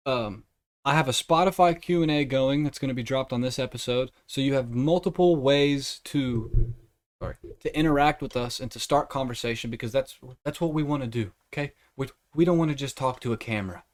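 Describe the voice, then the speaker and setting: A young man hosting a casual podcast, rambling and joking, swearing freely. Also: medium pitch. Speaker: podcast host.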